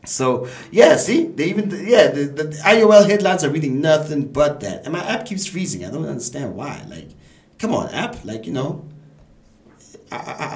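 A man hosting a show, chatting casually about news headlines, often repeating himself and laughing. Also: mid-range voice. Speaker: show host.

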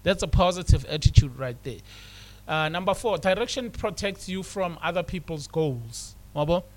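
A man's voice: high-pitched, animated, moderate pace. A man hosting a radio show, talking in a casual, preachy way, repeating himself and mixing English with Setswana. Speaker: radio host. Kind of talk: casual motivational radio talk.

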